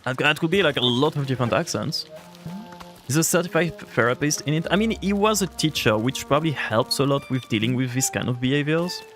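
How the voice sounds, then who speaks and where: A man's voice: medium pitch, animated, fairly quick, a bit bright, soft background music. A man streaming a game live, chatting casually and answering his viewers' chat, rambling with lots of filler words. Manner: rambling, heavy use of "like" fillers; reacts to and answers chat aloud.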